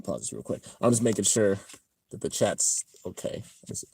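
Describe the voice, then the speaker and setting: A man hosting a casual live-stream reaction, talking excitedly and rambling as he comments on an episode. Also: fairly low pitch, normal speed, gravelly, breathy edge. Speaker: channel host reacting to an anime episode.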